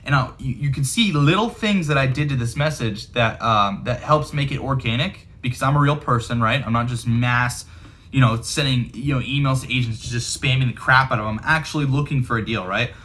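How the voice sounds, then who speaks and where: A man's voice: medium pitch, a little fast, fairly bright tone. A man and real estate investor coaching viewers in a casual, chatty way, with lots of fillers. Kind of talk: casual instructional talk to camera.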